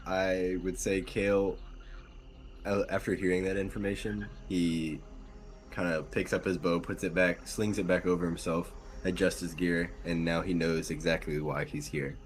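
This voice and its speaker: Deep-voiced tabletop player man. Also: flat delivery, moderate pace. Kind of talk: casual tabletop game talk.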